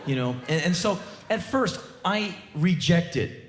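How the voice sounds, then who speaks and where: A man in his forties giving an animated live spoken word monologue on a theater stage, with sudden loud outbursts. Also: sits high, slow. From United States. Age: 40s. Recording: roomy live theater sound.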